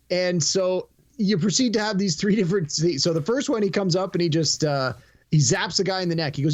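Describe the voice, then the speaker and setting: A man with a slightly raised pitch chats through a favourite comedy scene. He quotes the characters in a plain, easygoing way. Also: expressive, fast. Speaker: podcast co-host. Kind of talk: casual chat, retelling a movie scene.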